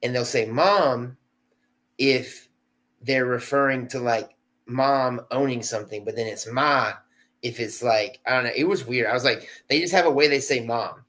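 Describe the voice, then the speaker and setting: A man's voice: mid-range voice, moderate pace, fairly bright tone, rough recording. A man, an actor guest on a podcast, talking in a laid-back, slangy way with lots of "dude" and "like.". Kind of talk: casual interview chat.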